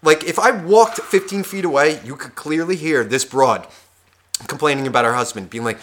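A man co-hosting a podcast, telling a profane story in a casual, animated way and acting out the people in it. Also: a little high, normal speed. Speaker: podcast co-host.

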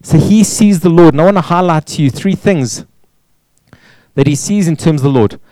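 A man's voice: on the high side, moderate pace, mellow, no echo, poor audio. A man preaching a sermon, pressing points with repeated words and rhetorical questions. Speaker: pastor.

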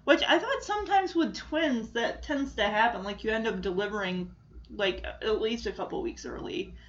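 A woman's voice: on the high side, moderate pace, a bit bright, highs cut off. A woman gushing enthusiastically as she recaps a sitcom episode in casual talk. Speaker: show recap host.

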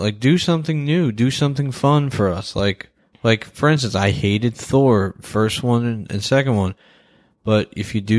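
Guy with a lowish voice ranting casually about movies, lots of "like", dry close sound. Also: no echo. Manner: rambling, blunt, heavy on fillers, swears. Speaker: podcast co-host. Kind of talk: casual movie-review chat.

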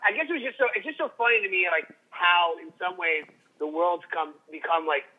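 A man's voice: high-pitched, fairly quick. A middle-aged man and father co-hosting a podcast, chatting casually in a rambling, self-interrupting, profane way. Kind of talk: casual comedic chat. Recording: tinny phone-line audio.

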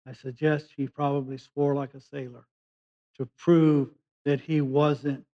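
A man's voice: medium pitch, flat delivery, a little slow. A man from California preaching a sermon, reading scripture and explaining it in a conversational way with frequent restarts. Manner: conversational preaching, restarts, rising emphasis on key words. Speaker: pastor. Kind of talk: sermon, Bible teaching. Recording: dull lo-fi recording.

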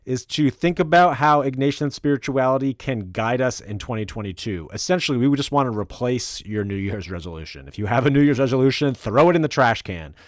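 Relaxed, low-voiced male podcast host. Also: dry recording, studio quality. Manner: relaxed, joking, with many fillers and restarts. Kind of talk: casual podcast chat.

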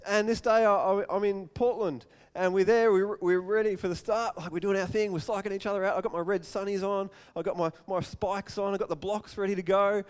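A man preaching a sermon, telling stories and acting out quotes in loud bursts. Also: fairly even intonation, a little fast, hardly any pauses, clear, resonant tone. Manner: storytelling, acts out quotes with sudden loud raised-pitch outbursts. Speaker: pastor. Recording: long hall reverb.

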